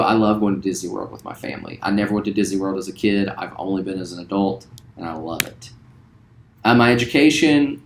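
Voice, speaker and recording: A man in his forties from West Virginia, a theater teacher introducing himself to students in a relaxed, friendly way with lots of ums. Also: on the low side. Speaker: high school theater teacher. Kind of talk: recorded self-introduction to students. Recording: roomy echo.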